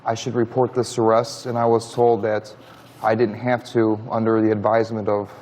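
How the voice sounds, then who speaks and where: A man in his thirties, a talk show guest answering questions in a halting, defensive way with many restarts. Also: lowish voice, flat delivery, darkish tone. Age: 30s. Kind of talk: studio interview answers.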